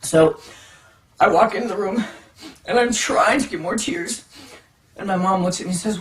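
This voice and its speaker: A storyteller telling a funny childhood story in a casual, dramatic way, jumping from hushed asides to excited outbursts. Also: mid-range voice, moderate pace, pauses often. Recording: echoey room, distant mic, faint music.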